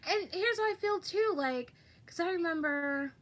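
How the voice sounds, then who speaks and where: A woman's voice: very high-pitched, lively intonation, normal speed, a bit bright. A woman hosting a casual livestream, chatting about online drama and reading viewer comments aloud.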